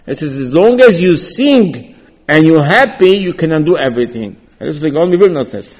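A man's voice: on the high side, animated, brisk, a little mellow. Man teaching Torah in a reverberant hall. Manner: repetitive, conversational, restarts words, acts out dialogue. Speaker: rabbi teaching a Torah class. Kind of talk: informal religious lecture.

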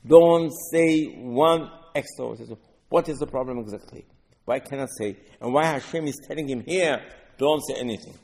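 Guy teaching a torah class, halting english mixed with hebrew, verse by verse, big hall reverb. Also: medium pitch, slightly rough. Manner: explains verses line by line, mixing Hebrew and English; non-native English with halting phrasing. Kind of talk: Torah lesson.

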